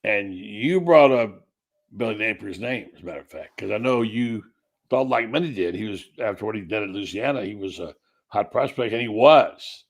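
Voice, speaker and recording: A man's voice: fairly low pitch, expressive, moderate pace. A man hosting a sports talk show, chatting in a loose, rambling, self-deprecating way. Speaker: show host.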